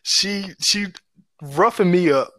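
A young man telling a story in casual chat, animated, and acting out the people he quotes. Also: high-pitched, slow pace, no echo.

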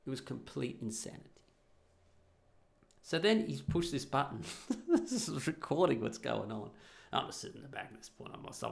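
Man, middle-aged, gravelly, blunt and profane, casual anecdote. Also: medium pitch, very animated, moderate pace, a little mellow. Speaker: storyteller.

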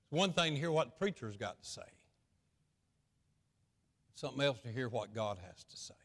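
A male pastor preaching a sermon in a folksy, repetitive way, swinging between loud stretches and hushed ones. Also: mid-range voice, lively intonation, moderate pace, big-room sound.

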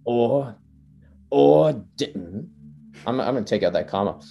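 A man's voice: mid-range voice, lively intonation, measured pace, creaky, mellow, dull audio. A man co-hosting a podcast, reading dramatic trailer narration and chatting casually, stumbling over words and laughing at his own slips. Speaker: podcast co-host.

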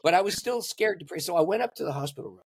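An older man, a pastor, telling a personal story in an interview and acting out the voices in it with big swings in pitch. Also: expressive, very fast, gravelly, slight background noise. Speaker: pastor and guest.

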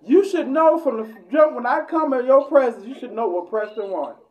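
A man's voice: extremely high pitch, a little mellow, poor audio. A man in a casual podcast debate, talking over others and repeating himself as he makes his point. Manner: fast, repetitive, interjecting.

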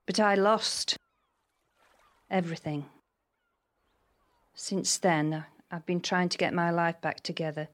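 A woman reading the lines of a remorseful female cousin who confesses quietly and haltingly. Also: fairly low pitch, steady tone. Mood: ashamed.

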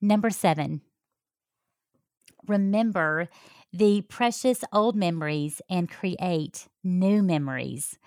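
A woman's voice: on the low side, takes it slowly, dry recording, studio quality. A middle-aged woman, a health coach talking to her listeners in a folksy, heartfelt way. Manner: warm, folksy, talks straight to listeners. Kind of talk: heartfelt personal talk.

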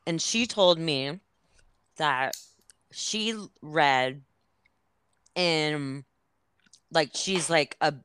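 A woman hosts a casual podcast chat in a low, unhurried voice. She rambles, laughs and cuts herself off mid-thought. The sound is dry and close. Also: a bit bright, smooth, no echo. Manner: rambling, laughing, self-interrupting. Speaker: podcast host.

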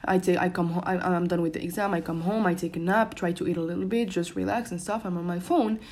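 A woman's voice: lowish voice, fairly even intonation, fast, a little mellow. A young woman whose first language is French, hosting a casual solo podcast from her room at home, rambling with frequent restarts and fillers. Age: young adult. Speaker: podcast host.

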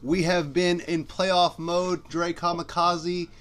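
A man's voice: sits high, little pitch movement, takes it slowly, a bit bright. A man co-hosting a sports podcast in casual, playful chat, often talking up his partner. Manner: playful, talks up his co-host.

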